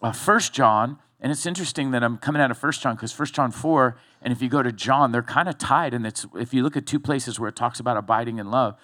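A male pastor preaching a sermon, telling a story in a loose, conversational way with animated build-ups. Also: mid-range voice, brisk, few pauses, no room sound, studio quality.

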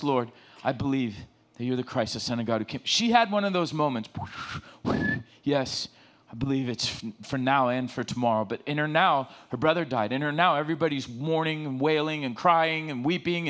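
Man, middle-aged, preacher, casual sermon, joking slang retellings, fairly high voice. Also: brisk, few pauses. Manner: lively, joking, paraphrases scripture in everyday slang.

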